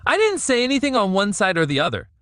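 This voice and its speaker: A man's voice: sits high, wildly swooping pitch, fast, sharp tone, no room sound, clean studio sound, pitched above the performer's own voice, full character voice. A man reading out a smug, condescending male online commenter's messages in a prim, lecturing voice.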